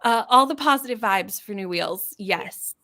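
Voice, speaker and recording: A woman's voice: mid-range voice, expressive, measured pace, bright, forceful tone. A woman with a Canadian accent hosting a live reading stream, chatting casually and greeting viewers by name as she reads their comments aloud. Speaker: livestream host.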